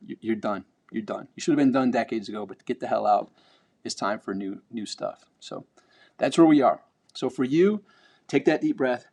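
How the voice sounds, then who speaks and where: A man's voice: medium pitch, darkish tone. A man vlogging a motivational talk, blunt and emphatic, swearing casually and repeating words as he builds up.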